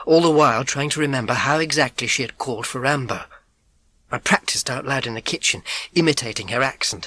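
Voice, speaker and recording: A man narrating a children's audiobook in first person, with an expressive, suspenseful telling. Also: mid-range voice, no room sound.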